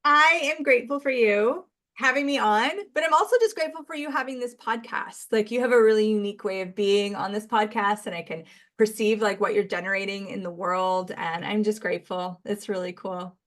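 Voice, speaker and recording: Woman from Canada, podcast guest, chatty and animated in her retelling. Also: medium pitch, a little fast. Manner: chatty, acts out quoted dialogue, laughs often. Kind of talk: casual chat.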